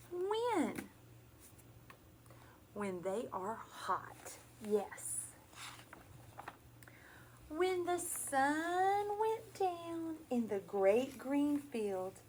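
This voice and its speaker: A woman teacher reads a picture book aloud to young children in a slow, storytelling cadence. Her voice sits high and swoops up and down as she asks the class questions and breaks into animal noises. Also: very animated, darkish tone, a little hiss or hum.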